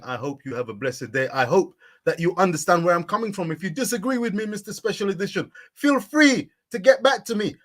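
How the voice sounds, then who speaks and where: A man's voice: sits high, very animated, moderate pace, fairly bright tone. A man hosting a sports live stream, reading out viewers' comments and answering them by name, repeating his catchphrases in a preachy way. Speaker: sports vlogger.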